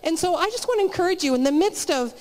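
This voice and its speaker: Speaking extremely high-pitched, fast and expressive, with a slightly mellow tone, a woman delivers a conversational sermon as guest speaker at a church meeting. She tells stories chattily and restarts often, her voice echoing through the live, reverberant church hall.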